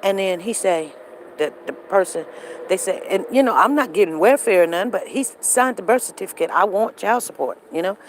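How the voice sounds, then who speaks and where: A woman in her fifties hosting a live show, animated and acting out the other people's lines as she tells a story to her viewers. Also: medium pitch, brisk, slight background noise, rough recording.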